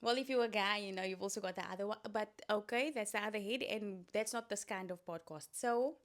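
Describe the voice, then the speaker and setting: A woman's voice: mid-range voice, brisk, fairly bright tone. A woman hosting a solo podcast, giving casual, coaching talk with playful asides. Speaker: podcast host.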